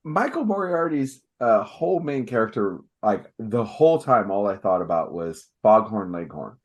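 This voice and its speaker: A man's voice: fairly low pitch, big pitch swings, normal speed. A man in casual podcast chat, laughing often, swearing and slipping into impressions. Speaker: podcast co-host.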